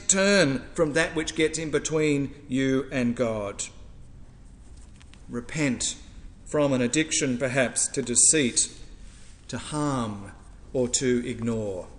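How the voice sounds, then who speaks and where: A man's voice: on the high side, slow pace, big-room sound. A male priest preaching a sermon, building his points through rhetorical lists and repetition.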